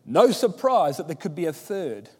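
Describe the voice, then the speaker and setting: A man preaching an expository Bible sermon, emphatic, with rhetorical questions and animated scripture quotes. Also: a little high, moderate pace, slightly rough. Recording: long hall reverb.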